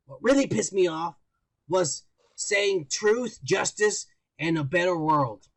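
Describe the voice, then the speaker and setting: Podcast co-host, male, higher voice, swears a lot, rambles through news items in loose banter. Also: animated, slow, a bit bright, no echo. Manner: profane, rambling, mocking news reading. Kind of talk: casual crude banter.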